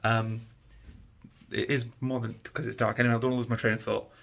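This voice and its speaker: A man's voice: medium pitch, flat delivery, quick pace, creaky, a bit bright. A tired man, chatting casually to camera in a rambling, easygoing vlog. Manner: rambling, easygoing, many fillers. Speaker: vlogger.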